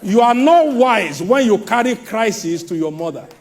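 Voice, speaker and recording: Male preacher, sermon, high voice, very animated pitch, emphatic, loud shouts and quiet asides. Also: moderate pace. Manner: mimics others' voices mid-sermon.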